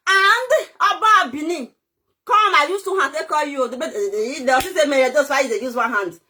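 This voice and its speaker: A woman with a Nigerian accent delivering a loud, scolding rant to the camera, swinging between shouting and low muttering. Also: lively intonation, moderate pace. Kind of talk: ranting monologue to camera.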